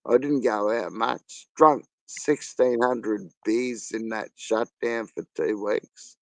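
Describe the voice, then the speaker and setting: A man's voice: lowish voice, slow pace, gravelly, no echo. A man chatting casually on a live stream, laughing often and bantering crudely.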